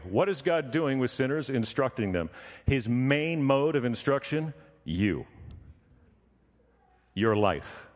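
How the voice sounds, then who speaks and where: A man preaching with lively storytelling, now and then acting out the voices of people in his story. His pitch sits in a middle range, and the sound carries the long reverb of a church hall. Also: a little slow, long pauses. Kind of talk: sermon with storytelling.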